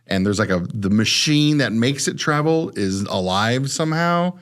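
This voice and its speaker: A man's voice: mid-range voice, expressive, moderate pace, fairly bright tone, clear, resonant tone. A man co-hosting a casual horror podcast chat, acting out quoted lines as he talks and swearing freely. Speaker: podcast co-host.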